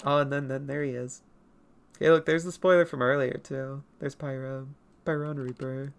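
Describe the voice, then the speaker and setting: Woman comic artist, rambling and self-mocking, casual art stream. Low voice. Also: steady tone, moderate pace, smooth. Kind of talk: casual livestream chat.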